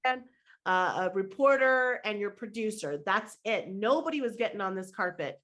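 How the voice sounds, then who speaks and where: A middle-aged woman guest on a podcast tells a story with plenty of life and often jumps into other people's voices. Her voice sits at an ordinary pitch for a woman. She talks as a mindset and manifestation coach. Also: normal speed. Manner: animated storyteller who acts out other people's lines.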